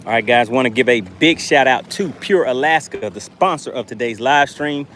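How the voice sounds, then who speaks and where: A man running a fishing live stream from a boat outdoors, reading viewer chat aloud with animated exclamations. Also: mid-range voice, moderate pace, a little hiss or hum.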